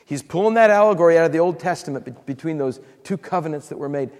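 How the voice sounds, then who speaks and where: A man's voice: on the high side, quick pace, a little mellow, in a large hall. A man preaching a sermon as pastor, acting out quotes and repeating words for emphasis.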